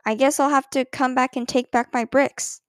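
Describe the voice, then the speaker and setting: A calm, unexcitable little boy who corrects every detail, as a woman reading a storybook voices him. He speaks flatly and plainly in a high, dry, close voice. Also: moderate pace, no echo, lightly acted. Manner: calm, flat, literal-minded. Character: calm matter-of-fact little boy, first grader.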